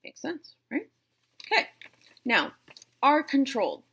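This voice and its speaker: This teacher from Boston, USA, uses her Boston accent to instruct viewers on syllable types step by step, speaking to them directly and playfully. Her voice sits high and a bit bright, moving slowly with big pitch swings, and the recording's highs are cut off.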